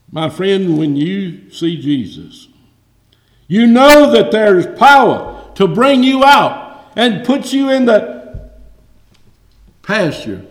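A man preaching a sermon with passion, surging loud and high, then dropping low. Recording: echoey hall reverb.

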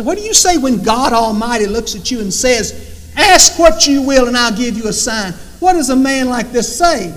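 A man preaching a sermon, emphatic and repetitive, firing off rhetorical questions. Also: very high voice. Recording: long reverb in a hall.

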